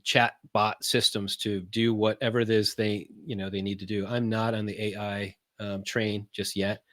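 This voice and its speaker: A man speaking as a podcast guest about his marketing business, talking casually, often pausing on fillers and restarting sentences. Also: fairly low pitch, level tone, fairly bright tone, no room sound, clean studio sound. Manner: halting, many fillers and restarts; explains in plain, loose terms.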